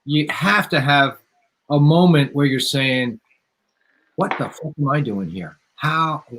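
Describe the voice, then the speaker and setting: A man hosting a podcast, chatting casually and telling a story with many halting restarts. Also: fairly high pitch, a bit bright, low-quality recording. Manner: halting, repeats words as he starts sentences. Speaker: podcast host, former waiter. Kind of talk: casual interview chat.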